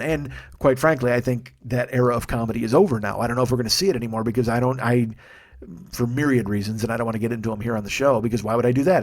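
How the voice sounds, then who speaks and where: A man in his forties, a comedian hosting his own podcast, talking alone in an animated, profane monologue and acting out quotes as he goes. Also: mid-range voice. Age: 40s. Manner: animated, profane, quick asides, acts out quotes.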